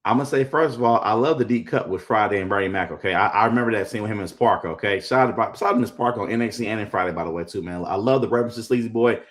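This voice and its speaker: A man co-hosting a casual wrestling live stream, giving his takes playfully, joking and repeating words when excited. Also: fairly low pitch, fast talker, few pauses. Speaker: co-host.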